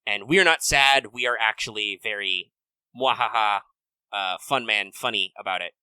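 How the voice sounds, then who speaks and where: A man co-hosting a podcast, talking in a relaxed, casual way with many fillers. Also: lowish voice, moderate pace, clear, resonant tone, dry recording, rough recording. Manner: relaxed, filler-heavy gamer talk. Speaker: podcast co-host. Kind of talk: casual chat.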